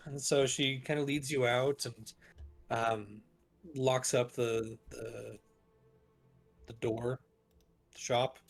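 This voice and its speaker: Game master, man, slow halting narration, gravelly. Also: mid-range voice, flat delivery.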